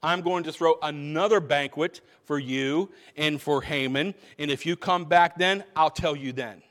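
A man voicing a timid young queen within his sermon, speaking in his own high voice. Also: measured pace, fairly bright tone. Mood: hesitant.

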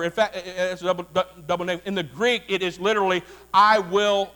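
A man preaching a sermon as a Baptist pastor, animated and folksy, calling out to his congregation. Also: high-pitched, fast, hardly any pauses.

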